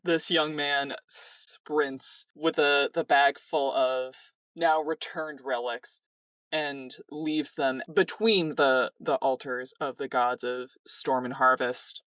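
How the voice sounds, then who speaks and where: A game master slowly narrating a tabletop campaign scene in a descriptive voice. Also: mid-range voice, steady tone, fairly bright tone, no echo, distant mic.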